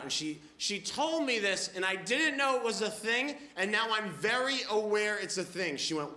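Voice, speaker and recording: A man in his twenties performing a stand-up comedy set on a club stage, telling stories with wry, animated delivery. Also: high-pitched, moderate pace. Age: 20s. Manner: wry, animated storytelling with acted-out voices. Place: comedy club stage before a live audience. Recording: echoey club with background noise.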